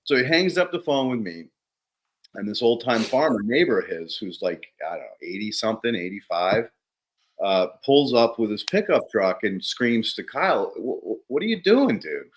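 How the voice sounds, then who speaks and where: A man hosting a podcast in a casual interview chat, an animated storyteller who acts out the people in his anecdotes. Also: on the low side, normal speed, a little hiss or hum, rough recording. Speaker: podcast host.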